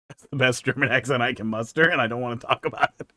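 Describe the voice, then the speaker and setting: Fast, pushed and bright, this medium-pitched male voice belongs to a man streaming a level-building game. He keeps up a casual, rambling live-stream commentary, joking as he plays and sometimes humming to himself.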